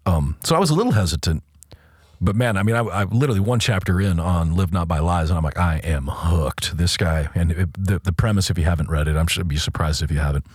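A low-voiced man with a husky edge, co-hosting a casual faith discussion. He talks emphatically and circles back over his words as he thinks. The sound is close and dry. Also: fast, darkish tone, no room sound. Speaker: podcast co-host.

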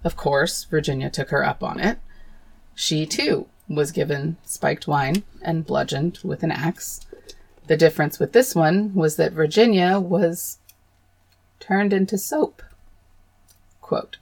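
True crime podcast lady, low gravelly fry voice, swears a lot when grossed out. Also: takes it slowly, long pauses. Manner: blunt and swearing, with horrified outbursts. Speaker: podcast host.

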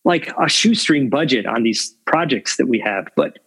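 In a poor-quality recording, a man with an expressive, mid-range voice, fairly bright tone, and breathy edge speaks at a moderate pace. He is a cinematographer being interviewed, talking casually and rambling with many restarts and lots of "you know"s.

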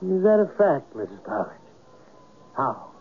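A slow, wry male writer. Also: fairly high pitch, sing-song, slightly rough, exaggerated voice. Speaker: narrator and writer character. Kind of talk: 1970s radio drama narration. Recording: narrow phone-like old radio broadcast.

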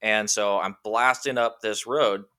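Speaking a little slowly in a clear, resonant voice on the low side, this Washington state man is a guest spinning an animated, meandering anecdote from his own life. Fillers such as "like" and "you know" pepper his casual talk.

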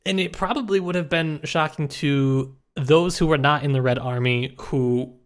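A man co-hosting a podcast, relaxed and joking as he talks through a story and lists points one after another. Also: fairly high pitch, moderate pace. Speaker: podcast co-host. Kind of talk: casual book discussion.

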